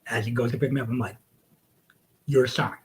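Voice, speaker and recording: A man's voice: medium pitch, level tone, fairly quick, noisy background. A man who wrestles, telling a story to a podcast host in a casual, profane way. He acts out the quotes and sometimes drops to a whisper.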